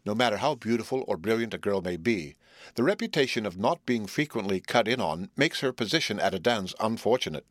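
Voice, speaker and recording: A man reading a story aloud as narrator, in a measured, even way. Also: lowish voice, dry recording, clean studio sound. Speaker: audiobook narrator. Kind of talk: scripted narration.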